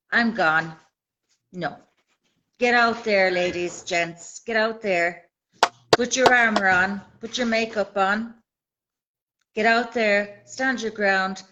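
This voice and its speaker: A woman's voice: mid-range voice, bright, forceful tone, low-quality recording. A woman in her fifties with an Irish accent, a guest on a live video call, talking earnestly about her own experience in repeated rallying phrases. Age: 50s. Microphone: phone held by hand on video call.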